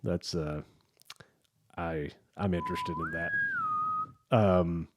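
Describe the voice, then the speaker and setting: A man's voice: low-pitched, huge pitch swings, takes it slowly, very noisy. A man co-hosting a podcast, telling a long story in casual chat with lots of restarts and asides. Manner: rambling storyteller with restarts and laughs. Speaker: podcast co-host.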